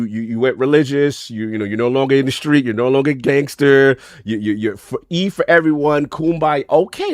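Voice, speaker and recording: A man's voice: medium pitch, dry recording, studio quality. A man hosting a gaming podcast in casual chat, rambling through his points with sayings and analogies. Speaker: podcast host.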